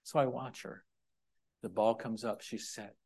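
A middle-aged man preaching a sermon, moving between loud, emphatic points and quiet, chatty asides to the congregation. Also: fairly low pitch, fairly even intonation, unhurried. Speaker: pastor.

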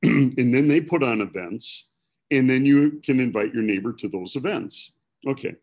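A man's voice: medium pitch, animated, normal speed, a little mellow. A man from Milwaukee, preaching in a casual, rambling storytelling way with self-deprecating humor.

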